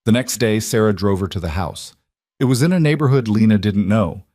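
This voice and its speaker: A man narrating a dramatic romance story in a steady, even reading voice. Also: fairly low pitch, fairly quick, dry recording, clean studio sound.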